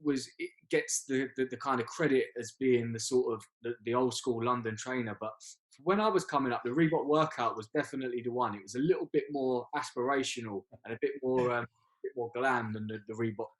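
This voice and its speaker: A man chatting casually as a panel guest, relaxed and halting with fillers. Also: mid-range voice.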